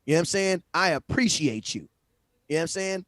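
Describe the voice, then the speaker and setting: A man hosting a livestream, talking sports in a casual, animated, slangy way and often repeating himself. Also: a little high, brisk, no room sound, studio quality. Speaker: livestream host. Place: home livestream setup. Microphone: phone.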